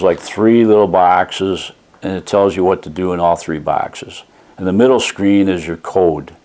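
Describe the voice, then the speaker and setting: Low-voiced man rambling through a review. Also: darkish tone. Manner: rambling folksy storytelling, retelling a phone call. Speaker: product reviewer. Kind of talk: casual spoken product review.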